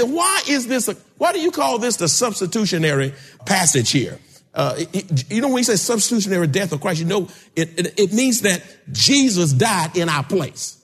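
A man preaching a sermon, calling out to his congregation and rising to shouts. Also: high-pitched, husky. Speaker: pastor. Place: church sanctuary. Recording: long hall reverb.

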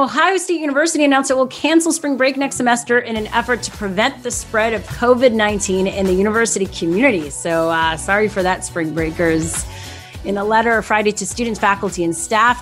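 A woman's voice: mid-range voice, a bit bright. A woman hosting a trending-news show, upbeat and chatty. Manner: upbeat, chatty, laughs easily.

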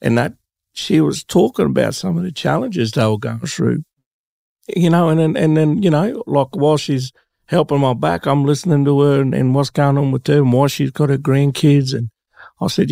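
An Australian man hosting a casual interview, telling animated stories and laughing often. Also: a little high, moderate pace, vocal fry, dry recording, studio quality. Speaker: host.

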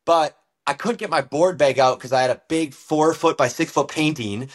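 A man who used to snowboard professionally tells a story in a loose, animated way, full of fillers like "like" and "dude.". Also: fairly high pitch, moderate pace. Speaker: guest, former pro snowboarder. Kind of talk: casual storytelling in an interview.

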